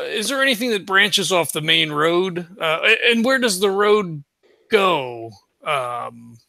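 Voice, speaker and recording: A man voicing a polite, courteous traveler who speaks haltingly with many fillers, in a tabletop game. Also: on the high side, gravelly, pushed and bright, dry recording, exaggerated voice. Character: polite male traveler returning home.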